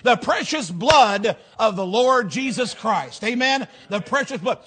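Male preacher, high voice, rhythmic rhyming delivery, shouts for emphasis. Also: expressive, a little slow, slightly rough. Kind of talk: fiery sermon.

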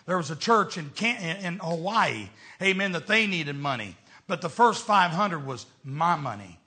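A middle-aged man, preaching a storytelling sermon as a traveling evangelist, swinging between shouts and hushed tones. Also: fairly high pitch, expressive, moderate pace.

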